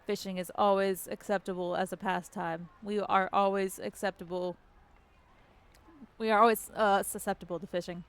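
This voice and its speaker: A woman's voice: mid-range voice, flat delivery, moderate pace, clear, resonant tone. A woman streaming a story game, reading the text aloud and chatting casually with the odd swear. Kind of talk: casual let's-play narration.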